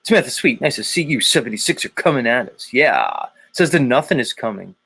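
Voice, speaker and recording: A livestream host greets viewers and reads their comments in crude, joking, rambling chatter. His mid-range voice is gravelly, sharp and slightly rough, with lively intonation and a slightly fast pace.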